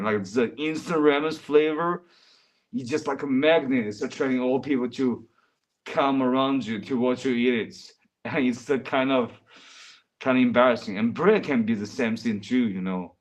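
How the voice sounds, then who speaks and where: A man livestreaming in casual, rambling chat, often calling his viewers bro. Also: mid-range voice.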